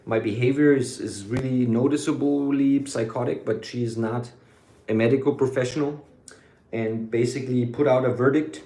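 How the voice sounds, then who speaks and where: Man, vlogger; loose, rambling and sweary, dark relaxed timbre, roomy echo. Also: mid-range voice. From United States. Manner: rambling, sweary, drops German phrases. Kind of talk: casual rambling monologue. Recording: echoey room.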